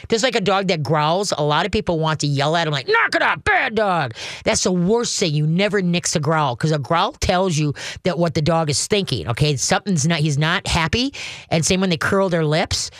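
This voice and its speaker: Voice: medium pitch, brisk, no echo. Folksy, rambling dog trainer, dry sound. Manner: folksy, rambling, with frequent "you know" and "okay?" checks. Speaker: dog trainer answering a caller. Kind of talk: call-in advice talk.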